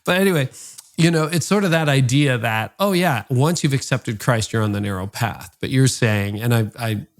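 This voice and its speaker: A man hosting a leadership podcast, interviewing a guest in an animated conversational way. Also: medium pitch, moderate pace. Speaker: podcast host.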